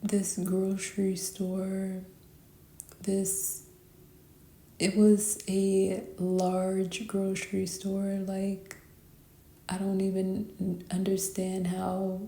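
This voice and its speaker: A tired woman giving a spiritual tarot reading, talking sleepily and softly, often half whispering. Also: medium pitch, monotone, creaky, reverberant. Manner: sleepy, slow and soft-spoken, often whispering. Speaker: tarot reader.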